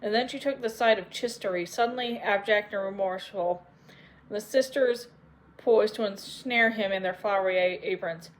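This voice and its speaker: A woman narrating an audiobook in a measured, unhurried way. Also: medium pitch, poor audio. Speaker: audiobook reader.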